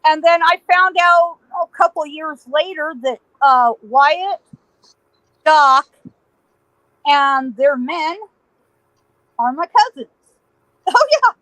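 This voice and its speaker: Middle-aged woman, podcast guest, high bright voice, dry close sound, animated storyteller who laughs a lot. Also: takes it slowly, pauses often, no room sound, rough recording. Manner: lively, laughing, acts out voices in her story.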